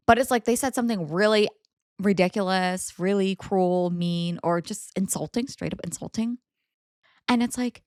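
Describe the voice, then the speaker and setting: A woman co-hosting a casual story-discussion podcast with her partner, chatty and animated, laughing often. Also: medium pitch, moderate pace, no echo, studio quality. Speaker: co-host reading Reddit stories.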